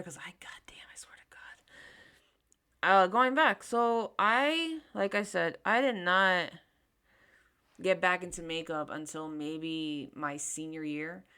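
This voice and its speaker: This is a woman in her thirties with a voice that sits a touch low, chatting her way through a storytime while she does her makeup. She is candid and loose, swears often, and slips into little voices for the people she quotes. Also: a bit bright. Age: 30s. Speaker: beauty vlogger. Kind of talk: casual storytime chat while doing makeup.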